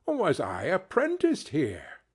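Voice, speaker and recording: A man doing an excitable old miser. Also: a little high, slow pace, husky, full character voice. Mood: excited. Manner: exclaiming, emotional.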